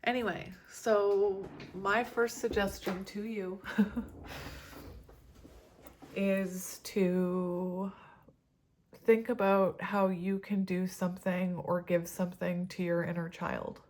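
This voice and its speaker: A woman's voice: medium pitch, a little hiss or hum. Chatty rambling woman tarot reader. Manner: rambling, chatty, often laughing softly. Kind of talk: casual tarot reading vlog.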